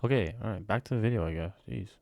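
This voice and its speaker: Low-voiced man in casual podcast chat. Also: rapid-fire, gravelly, a little mellow, no room sound, clean studio sound. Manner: rambling, lots of fillers. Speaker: podcast co-host.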